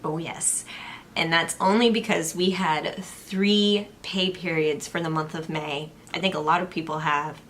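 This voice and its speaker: A woman's voice: deep voice, steady tone, unhurried, a bit bright, slight background noise. Chatty young woman talking through a budget. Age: young adult. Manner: chatty, walks through budget figures step by step. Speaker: personal finance vlogger, co-host. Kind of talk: casual chat.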